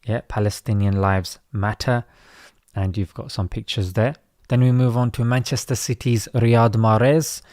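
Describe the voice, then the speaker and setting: A man's voice: on the low side, fairly even intonation, moderate pace, a little mellow, dry recording, clean studio sound. A man commenting on social media posts in a conversational, opinionated way.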